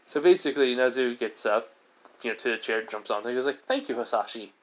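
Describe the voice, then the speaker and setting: A man narrating a fan story off the cuff, with a mid-pitched voice. He rambles, corrects himself often and fills gaps with "you know" and "basically.". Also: brisk. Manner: rambling, lots of fillers and self-corrections.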